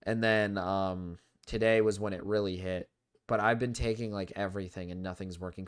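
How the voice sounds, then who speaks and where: A man's voice: deep voice, steady tone, normal speed, clean tone. A young man with a cold, swearing and complaining in frustration as he commentates a live gaming stream. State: sick with a cold.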